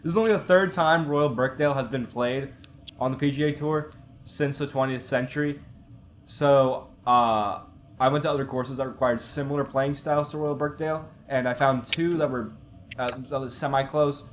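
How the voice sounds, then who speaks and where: A young man of middle pitch talks through his picks in a relaxed podcast chat. He is analytical and leans on stats, with "um" and "uh" scattered through. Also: normal speed, a little hiss or hum. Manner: analytical, stat-heavy, with fillers. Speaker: podcast co-host. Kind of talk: casual sports picks chat.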